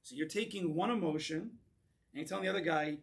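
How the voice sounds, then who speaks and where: Brief: man, rabbi giving a class, lively, higher than average pitch, repeats words as he restarts. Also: fast talker, creaky. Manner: animated, acts out voices in quoted lines, repeats words as he restarts. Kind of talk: lecture with audience discussion. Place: synagogue.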